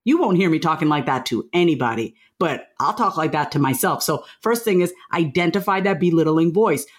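This is a woman, a guest in a relaxed interview. Her voice sits fairly low, but it jumps up whenever she drives a point home. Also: brisk. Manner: emphatic, rising high on key points. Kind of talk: casual interview talk.

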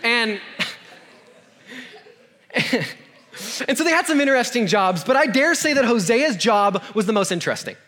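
A man with a fairly high voice preaches as a youth pastor, mixing scripture with funny personal stories. He talks casually, tosses in self-deprecating jokes and keeps asking his listeners questions. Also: lively intonation, measured pace, pauses often, bright, forceful tone. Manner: joking asides and self-deprecating humor; conversational, asks the audience questions. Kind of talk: humorous storytelling sermon.

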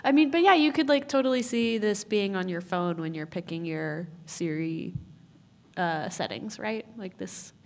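A woman's voice: medium pitch, normal speed, creaky. A woman co-panelist in a casual discussion, giving brief supportive replies.

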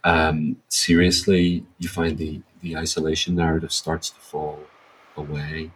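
A man's voice: extremely low pitch, monotone, measured pace, slightly rough, poor audio. A man speaking as an interview guest, reflective and searching for words as he talks. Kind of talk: thoughtful interview answer.

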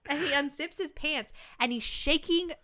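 Speaking at a normal speed in a voice that sits high, a woman co-hosts a podcast and casually recaps a film. She tells it with animation, acting out the characters' lines as she goes.

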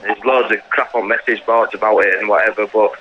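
A man with a southern English accent calling into a podcast, relaxed and hesitant with lots of fillers. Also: on the low side, a little fast, muffled recording, a little hiss or hum. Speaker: caller. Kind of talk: casual chat.

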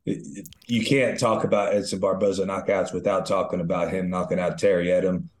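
A man with a very deep voice chats in a laid-back, enthusiastic way, dropping the odd swear word. His voice bounces around a roomy, echoey space, like an untreated room. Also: flat delivery, a little fast. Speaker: co-host, retired fighter. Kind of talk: casual podcast chat. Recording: roomy echo.

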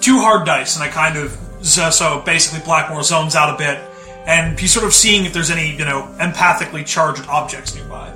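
A man's voice: fairly high pitch, fairly quick, pushed and bright, echoey room, soft background music. A man casually describing his character's actions as a player in a tabletop game.

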